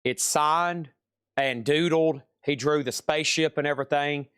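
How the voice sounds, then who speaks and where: A man's voice: on the high side, fairly even intonation, a little slow, fairly bright tone, smooth, no room sound, clean studio sound. A man with a Southern US accent hosting a live sales stream, chatty and repeating prices and buyer names.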